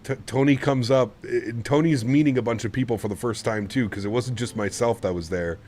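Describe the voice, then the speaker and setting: A man's voice: medium pitch, fairly quick, darkish tone, slight background noise. A man live-streaming a flight simulator, chatting casually and rambling to his viewers while he flies. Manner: chatty, rambling, laughs often. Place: home sim setup.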